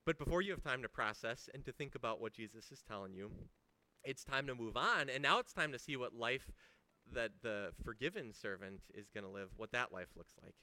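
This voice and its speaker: A man delivers a sermon in an easygoing, conversational way. He stresses key words and asks rhetorical questions. His voice is bright and forceful, and the sound is dry and close. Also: mid-range voice, lively intonation, moderate pace, no room sound. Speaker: pastor.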